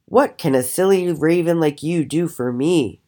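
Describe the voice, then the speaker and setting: A woman's voice: low-pitched, sing-song, unhurried, darkish tone, exaggerated voice. A woman doing a sneering old sorceress. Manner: sneering, scornful. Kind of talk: storybook reading.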